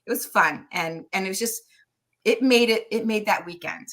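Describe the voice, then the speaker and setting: A middle-aged woman, a guest on an interview show, chatting loudly and laughing often as she tells stories. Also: medium pitch, moderate pace. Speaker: guest, tarot reader and medium. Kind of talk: casual interview chat.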